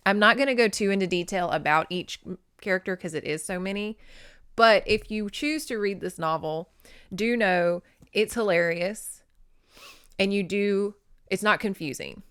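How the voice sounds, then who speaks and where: A woman's voice: mid-range voice, moderate pace, fairly bright tone, smooth. A woman hosting a casual book-review podcast, chatty and laughing often. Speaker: podcast host reviewing a novel. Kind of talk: casual chat.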